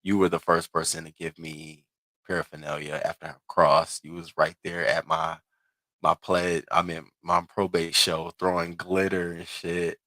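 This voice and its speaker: Deep-voiced chatty man hosting a livestream. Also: little pitch movement, normal speed, bright, forceful tone, no room sound. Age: 30s. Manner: chatty, reads viewers' comments aloud and answers them; acts out quoted people in higher voices. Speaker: livestream host. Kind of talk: casual livestream chat.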